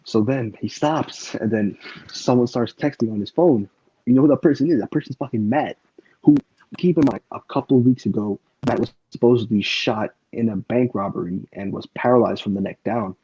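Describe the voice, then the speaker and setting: This podcast host's voice is medium-pitched, dark, and husky, moving fairly quickly with no echo. He rambles through a casual chat, swearing freely and leaning on fillers, in a dull lo-fi recording.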